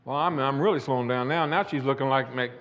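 A man's voice: mid-range voice, fast talker, fairly bright tone. An older man preaching a sermon, telling a personal testimony in a folksy, emphatic way. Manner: folksy, rising to emphatic declamation. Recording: echoey hall.

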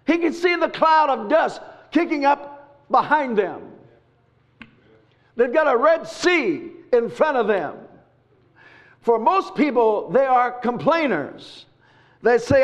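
High-voiced preacher, emphatic sermon. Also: male voice, sing-song, takes it slowly. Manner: emphatic, repetitive preaching with sudden shouts. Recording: dull lo-fi recording.

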